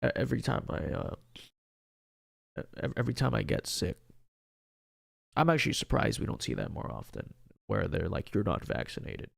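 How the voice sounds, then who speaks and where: A man putting on a breathy, hushed voice in a whispered role-play, sparing his strained throat. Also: on the low side, huge pitch swings, normal speed, long pauses, no echo, clean studio sound, voice pushed down, heavily acted. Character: man doing a hushed ASMR voice.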